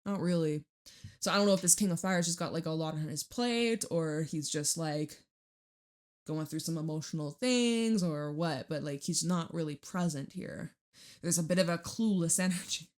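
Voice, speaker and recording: A woman's voice: low voice, moderate pace. Young female tarot reader, casual chat, rambly and profane, laughs a lot. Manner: chatty, rambling, laughs and swears freely.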